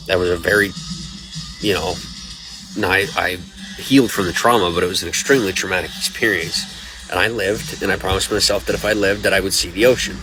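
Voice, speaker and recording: Exhausted and emotional, a man rambles wearily on a late-night livestream from a restaurant while loud music plays from a nearby speaker. His voice is low, and the recording is rough.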